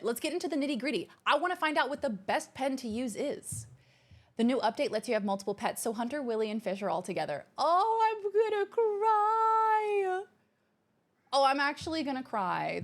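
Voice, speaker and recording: Pitched a little high, a woman hosts a livestream from her home streaming room. She keeps things casual, reading out viewer messages in a gushing, bubbly way and exclaiming quickly.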